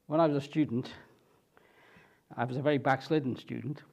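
A man's voice: medium pitch, fairly even intonation, a little fast, creaky. A man preaching a sermon, retelling a scripture story dramatically and asking his listeners questions.

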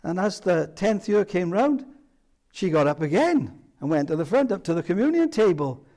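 Earnest older preacher. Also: male voice, high-pitched, sing-song, normal speed. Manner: earnest, drops to soft emphatic phrases, some restarts. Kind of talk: sermon.

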